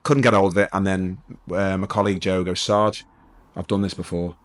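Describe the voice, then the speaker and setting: Fast-talking man. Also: low voice. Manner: lively anecdotal, acts out dialogue. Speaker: police sergeant, guest. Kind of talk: casual storytelling interview.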